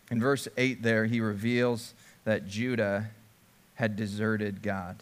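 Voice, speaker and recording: A man's voice: on the low side, steady tone, takes it slowly. A man preaching a sermon, first reading scripture aloud and then explaining it in a conversational way. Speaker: pastor.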